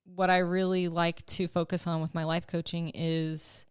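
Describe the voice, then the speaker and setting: Chatty young woman life coach, casual podcast talk, smooth voice, dry close sound. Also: fairly low pitch, level tone, normal speed, no room sound. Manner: chatty and emotional, laughs often, lots of "like".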